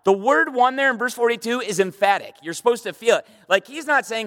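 A middle-aged male pastor with a high voice preaches with emphasis, doubling up words as he goes and firing questions at his listeners. His voice rings out through a church hall with a long reverb tail. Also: lively intonation, brisk, few pauses, pushed and bright. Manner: emphatic, repeats words, rhetorical questions to the audience. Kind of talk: sermon. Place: church hall with a live audience.

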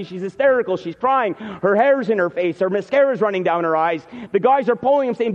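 A man's voice: extremely high pitch, expressive, a little fast. A man preaching a sermon, retelling the scene and acting out what the people say. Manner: storytelling, acts out scenes. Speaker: pastor. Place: church sanctuary. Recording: muffled hall reverb.

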